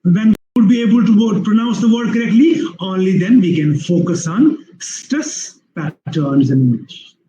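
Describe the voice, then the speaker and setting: A man giving an online webinar lecture on English skills, explaining slowly with repeated phrases and drawn-out spoken examples. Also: sits high, lively intonation, mellow, echoey room, lo-fi sound, slight background noise.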